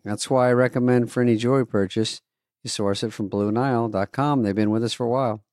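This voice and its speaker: A man's voice: medium pitch, fairly even intonation, fast, a little mellow, no room sound. A man co-hosting a podcast, telling anecdotes wryly, sarcastically imitating the people he quotes, and reading ads. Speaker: podcast co-host. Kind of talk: casual chat and host-read ad. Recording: dry close mic.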